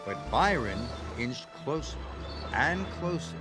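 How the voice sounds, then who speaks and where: Slow, lilting male storybook narrator. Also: medium pitch, very animated. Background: background music.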